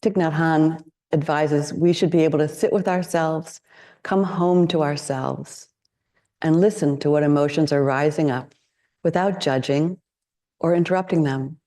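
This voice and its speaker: A woman teaching meditation in a dharma talk, her voice low-pitched and warm. She speaks in a reflective, candid way and often poses questions to her listeners. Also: unhurried.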